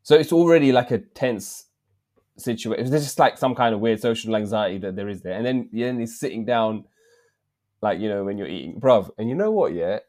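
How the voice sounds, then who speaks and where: Telling a story on a laid-back podcast, this English-accented co-host in his thirties speaks fairly quickly in a fairly low voice. He's lively and heavy on slang, with "bruv" coming up frequently.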